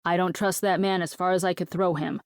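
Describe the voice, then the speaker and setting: A woman's voice: lowish voice, steady tone, a little fast, smooth, dry recording, studio quality, natural voice. A woman voicing a cocky, protective young man. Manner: blunt, teasing, swears freely.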